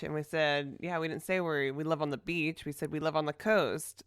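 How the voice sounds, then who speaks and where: Woman, podcast co-host, cheerful chatter, crisp clear voice, dry sound. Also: low voice, normal speed, hardly any pauses, fairly bright tone, no room sound. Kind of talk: casual podcast chat.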